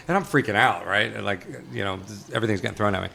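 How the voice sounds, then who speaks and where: Give me a man, a director, chatting casually on set and telling lively anecdotes. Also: lowish voice, creaky. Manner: animated storyteller, quick to laugh. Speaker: film director, guest. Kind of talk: casual interview chat. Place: on a film set.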